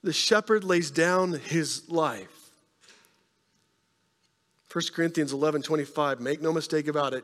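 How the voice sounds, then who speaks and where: A man preaching a sermon in a conversational way, often checking in with the congregation with quick questions. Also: a little high, fairly bright tone, long reverb tail. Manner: conversational preaching, frequent "right?" tag questions. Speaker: pastor.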